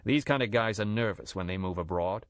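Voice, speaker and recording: A man's voice: on the low side, a little fast, dry recording, close to an everyday voice. A man voicing a touchy, menacing gangster boss who talks in blunt, curt phrases. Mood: threatening.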